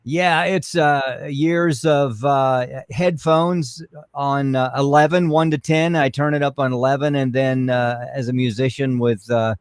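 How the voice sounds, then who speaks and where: A man's voice: mid-range voice, steady tone, a little slow, clear, resonant tone, no room sound. A middle-aged man, a radio talk show host, chatting and joking playfully as a guest co-host. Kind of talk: casual chat.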